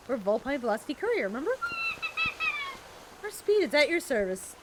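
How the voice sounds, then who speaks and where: A woman's voice: sing-song, moderate pace, heavy background noise. Woman doing a chirpy salesy fox courier. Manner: bubbly sales-pitch chirp. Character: perky fox courier, young male, salesy.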